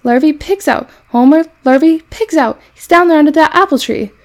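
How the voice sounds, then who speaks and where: A woman voicing an alarmed farm wife shouting to the farmhands. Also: sits high, moderate pace, voice pushed up, natural voice.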